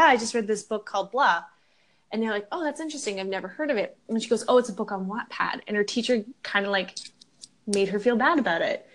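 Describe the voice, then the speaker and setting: A young woman talks as a podcast co-host in loose, casual chat. She is candid and slips into rants, swearing freely as she goes. Her voice sits in a middle pitch range.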